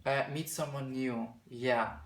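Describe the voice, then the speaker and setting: In an echoey room, a tarot reader with a medium-pitched voice takes it slowly and keeps a steady tone. His spiritual card reading is chatty and casual, with occasional slips into a British accent and into reading card text aloud.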